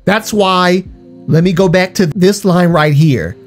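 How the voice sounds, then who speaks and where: A man ranting in a commentary vlog, heated and emphatic, his voice slightly hoarse after being ill. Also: high voice, unhurried, faint music behind. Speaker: YouTuber.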